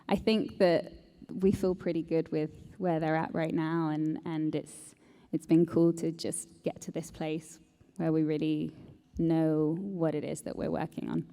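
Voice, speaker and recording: A woman speaking on a convention panel in a reflective, measured way. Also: fairly low pitch, dark tone, big-room sound. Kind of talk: panel discussion.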